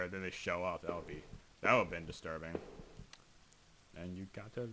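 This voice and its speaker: A young man with a lowish voice talks casually into his microphone over a horror game, rambling, cracking jokes at his own expense and reading on-screen text aloud. A clear hiss of background noise sits under the recording. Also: brisk, long pauses, sharp tone. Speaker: gaming video host. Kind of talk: casual let's play commentary. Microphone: desk microphone.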